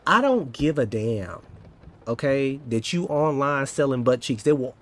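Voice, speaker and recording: A coding vlogger in his thirties chats casually with live viewers in a medium-pitched, sing-song voice that's unhurried and a bit bright. He's playful and joking, slipping now and then into over-the-top dramatics.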